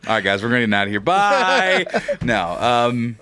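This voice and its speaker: A man's voice: mid-range voice, sing-song, a little slow, pushed and bright, clean tone. A tired man hosting a podcast, rambling, laughing and swearing in casual chat. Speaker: podcast host.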